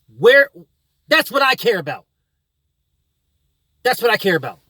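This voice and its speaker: A man's voice: very high-pitched, big pitch swings, measured pace, pauses often, bright, forceful tone, breathy edge, no room sound. A man hosting his own boxing channel, delivering a combative, profane opinion rant full of repetition.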